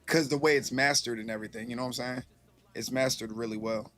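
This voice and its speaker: A man's voice: medium pitch, steady tone, quick pace, fairly bright tone. A man casually chatting with his live-stream viewers, rambling loosely and swearing freely, a little tipsy.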